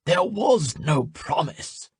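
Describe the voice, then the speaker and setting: A man doing a slow, stern old wise man. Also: on the high side, very animated, breathy edge, dry recording, clean studio sound, voice pushed up, full character voice. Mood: solemn. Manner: slow, solemn and deliberate.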